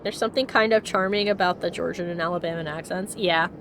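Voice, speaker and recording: A woman's voice: fairly low pitch, quick pace, a bit bright, a little hiss or hum. A woman in her thirties from Connecticut, chatting playfully through a let's-play, laughing often and joking with silly wordplay. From Connecticut, USA. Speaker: streamer. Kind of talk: casual let's-play commentary.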